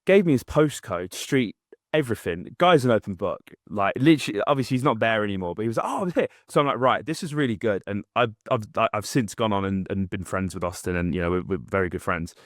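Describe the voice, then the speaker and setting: A young man rambles through a story with lots of restarts and fillers. His voice sits fairly low. The recording is dry and close, with no room sound. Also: quick pace, no echo. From English Midlands. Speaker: podcast co-host. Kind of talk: casual chat.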